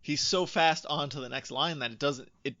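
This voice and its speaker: A man's voice: on the high side, normal speed, sharp tone, no echo, highs cut off. A man co-hosting a podcast, chatting casually and animatedly as he breaks down rap lyrics, swearing freely. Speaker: podcast co-host.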